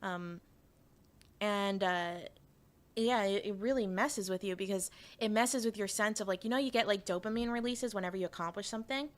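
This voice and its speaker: A woman's voice: mid-range voice, moderate pace. A woman from Canada streaming as a VTuber, chatting frankly with her chat and swearing freely. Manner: reads chat aloud and answers it. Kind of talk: casual livestream chat.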